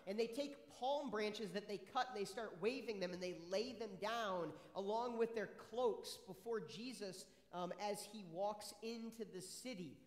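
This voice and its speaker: High-voiced pastor questioning children. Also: male voice, unhurried, hardly any pauses. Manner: friendly, asks many questions, upbeat. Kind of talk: children's sermon, questions to kids. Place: church sanctuary. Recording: echoey church hall with long reverb.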